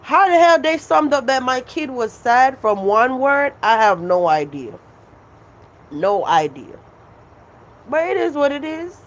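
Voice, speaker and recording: A woman's voice: high voice, very animated, a little slow. A woman hosting her own live stream, venting at her critics in a casual, profane, emphatic way and repeating her points.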